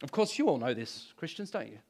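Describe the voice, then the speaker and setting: Joking pastor, higher voice. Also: male voice, sing-song, a little fast, a little mellow, husky. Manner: storytelling, jokey, chuckles often. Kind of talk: Good Friday sermon. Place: church before a congregation.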